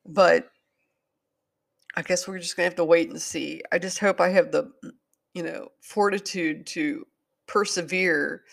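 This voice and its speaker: A woman hosting a solo podcast speaks in a fairly low voice with vocal fry, rambling, hesitant, and apologetic while being openly emotional.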